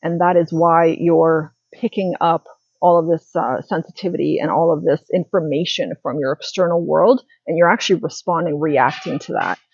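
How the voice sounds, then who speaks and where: A woman's voice: low voice, steady tone, normal speed, gravelly, a little mellow, breathy edge, dry recording, lo-fi sound. A woman in her thirties talking casually to camera as a spiritual wellness creator, chatty and rambling with many fillers and restarts.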